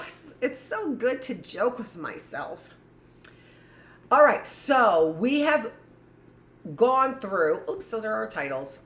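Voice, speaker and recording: A woman teacher leading a livestreamed lesson for young children, talking loudly and rambling through joking asides to herself. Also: medium pitch. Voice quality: loud voice. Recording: echoey room.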